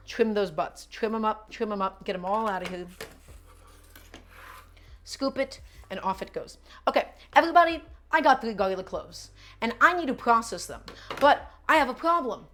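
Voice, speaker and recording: A woman's voice: a little high, lively intonation, normal speed, fairly bright tone, a little hiss or hum. Chatty woman hosting a cooking stream. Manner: chatty, talks to chat viewers, repeats instructions. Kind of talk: casual live cooking stream chat.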